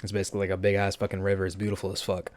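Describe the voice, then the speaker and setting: A man's voice: low voice, completely flat delivery, darkish tone, no room sound. A brash young man in his twenties, telling a story on his vlog with lots of swearing. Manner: brash, profane, rapid-fire. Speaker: vlogger.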